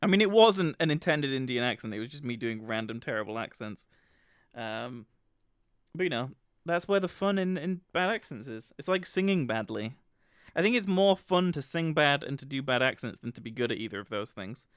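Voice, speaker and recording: A man's voice: mid-range voice, expressive, moderate pace, fairly bright tone, clear, resonant tone, no echo, clean studio sound. A man giving chatty, self-mocking commentary while livestreaming a video game. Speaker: livestream gamer. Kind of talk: casual gameplay commentary.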